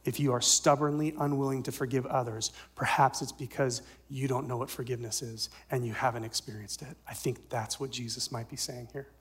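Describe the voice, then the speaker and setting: A male pastor giving a sermon, swinging from loud emphatic lines to soft near-whispers and asking the congregation questions. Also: mid-range voice, steady tone, a little fast, hardly any pauses, breathy edge. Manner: asks the congregation rhetorical questions.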